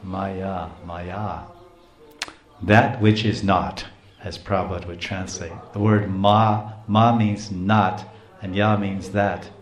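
A man's voice: deep voice, takes it slowly. Male preacher, storytelling lecture, laughs often, explains words, roomy echo. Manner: animated, chuckling, explains terms.

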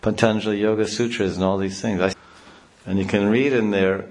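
A man giving a devotional spiritual talk, rambling and animated, often sounding out syllables and everyday noises as he explains. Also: lowish voice, brisk. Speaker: spiritual teacher. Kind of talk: devotional discourse.

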